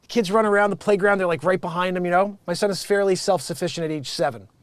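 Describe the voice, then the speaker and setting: A man's voice: high voice, fast talker, no echo. An American man hosting a show, reading news headlines and riffing on them sarcastically, swearing and laughing often. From United States. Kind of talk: improvised comedic news commentary.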